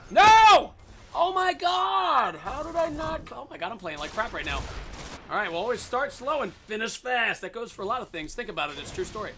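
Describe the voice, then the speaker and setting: Man, gameplay commentary, excitable, swears a lot, very animated pitch. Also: quick pace, background noise. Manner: excitable, swears and shouts at the game. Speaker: gaming video host.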